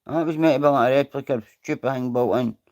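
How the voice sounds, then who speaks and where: A man's voice: medium pitch, fast, darkish tone. Rambling Scottish man on a live stream. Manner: rambling, swears freely, greets viewers by name. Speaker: livestream host. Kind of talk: casual live stream chat.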